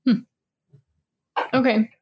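A woman's voice: takes it slowly, darkish tone, a little hiss or hum. A woman co-hosting a casual review chat, thinking aloud as she talks. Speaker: podcast co-host.

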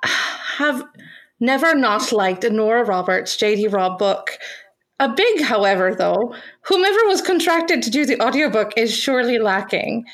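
A woman reading out a disappointed book review in a put-on Irish accent, measured and deliberate. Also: fairly high pitch, expressive, a bit bright. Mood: complaining.

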